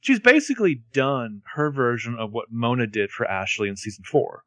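A man co-hosting a podcast, chatting casually while recapping a TV episode, with lots of fillers and drawn-out phrasing. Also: medium pitch, expressive, a bit bright, no echo. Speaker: podcast co-host.

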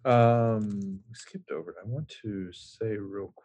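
A man co-hosting a podcast over a remote call, animated and quick to jump into side notes and trivia. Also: lowish voice. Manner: animated, jumping into tangents and trivia. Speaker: podcast co-host. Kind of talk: casual chat. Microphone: remote call setup.

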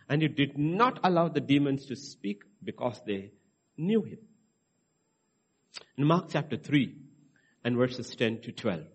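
A man's voice: mid-range voice, expressive, unhurried, pauses often, slightly rough. A male pastor preaching a sermon, emphatic and checking in with "okay" as he teaches scripture. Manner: emphatic, rising to stress points, frequent "okay" checks.

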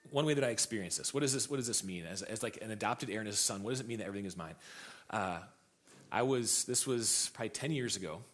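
A man's voice: on the low side, a bit bright. A young adult man preaching a sermon as pastor, telling stories in a casual way with many restarts and repeated words.

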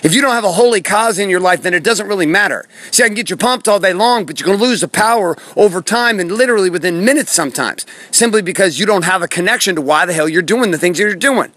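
A man's voice: high voice, expressive, fast, hardly any pauses, a bit bright, dry recording. A man delivering a punchy, preachy motivational talk as a podcast host, swearing for emphasis. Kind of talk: motivational monologue. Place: outdoors in a forest. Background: birds and bees.

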